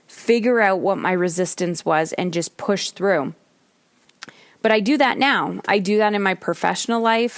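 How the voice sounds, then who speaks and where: A woman's voice: medium pitch, no room sound. A middle-aged woman hosting her own podcast, telling a personal story in a candid, conversational way with casual swearing. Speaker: podcast host. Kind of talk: solo podcast monologue.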